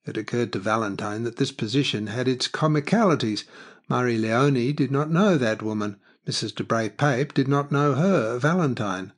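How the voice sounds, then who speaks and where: Male audiobook narrator, mid pitch, measured and expressive.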